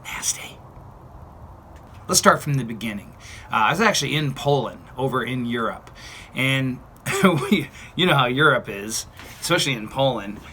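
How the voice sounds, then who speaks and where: Bright-voiced chatty man in his fifties. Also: medium pitch, lively intonation, moderate pace, slight background noise. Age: 50s. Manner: chatty and blunt, with playful asides. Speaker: vlogger. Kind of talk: casual personal story to camera.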